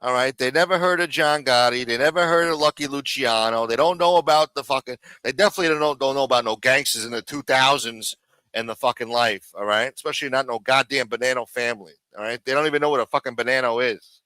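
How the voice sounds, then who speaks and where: A man hosts a live show and rants with profanity and sarcasm. His voice is bright and forceful. The sound is dry and close. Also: medium pitch, fast talker, clean tone, dry recording. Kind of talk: profane live-stream rant.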